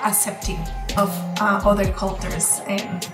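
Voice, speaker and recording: A woman interviewee sharing her personal story, hesitant and pausing often with fillers. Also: mid-range voice, steady tone. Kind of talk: personal testimony. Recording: distant echoey mic under loud music.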